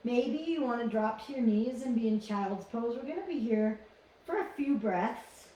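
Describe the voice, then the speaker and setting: A woman's voice: fairly high pitch, normal speed, a little hiss or hum. Yoga teacher woman in an echoey room. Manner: calm, encouraging cues with frequent restarts. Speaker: yoga instructor. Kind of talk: guided yoga class instruction. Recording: echoey room, distant from mic.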